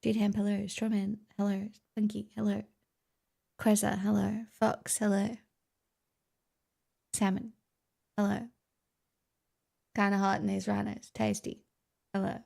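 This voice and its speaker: A woman's voice: medium pitch, monotone, unhurried, vocal fry, pauses often, darkish tone. A woman streamer chatting casually with her viewers, tired and rambling, with playful self-mockery.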